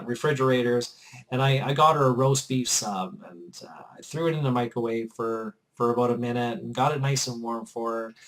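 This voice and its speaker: On a rough recording, a man at medium pitch shares a personal story in a vlog. His casual storytelling to camera is earnest and talkative, and he tends to say the same things more than once.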